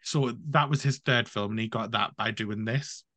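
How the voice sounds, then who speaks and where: A man's voice: on the low side, normal speed, pushed and bright, no echo. Male podcast co-host, from the UK, rambling with fillers, dry close sound. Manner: rambling, many fillers and restarts. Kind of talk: casual podcast chat.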